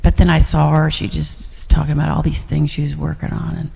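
A woman's voice: low-pitched, completely flat delivery, brisk, vocal fry, dark tone, slightly rough, in a large hall. A middle-aged woman sharing reflections in a class, rambling with many fillers and restarts. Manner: rambling, full of fillers and restarts, laughs often. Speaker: class participant.

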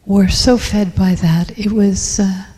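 A woman telling a personal story to a group in a slow, near-whispered, reflective way. Her voice is dark and mellow. The sound carries the long echo of a hall. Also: mid-range voice, fairly even intonation, slightly rough. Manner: soft, hushed, reflective, with pauses. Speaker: group participant sharing a story.

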